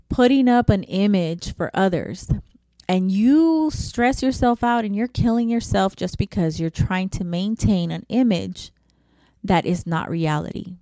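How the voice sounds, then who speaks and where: On her casual solo podcast, a middle-aged woman speaks openly and with feeling, using plenty of slang. She has a medium-pitched, slightly mellow voice, captured with no echo.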